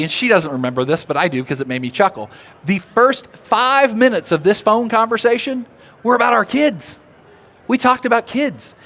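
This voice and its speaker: A man giving a live seminar talk, animated and drawing the audience in with questions. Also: on the high side. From Oklahoma. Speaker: seminar speaker. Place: seminar room.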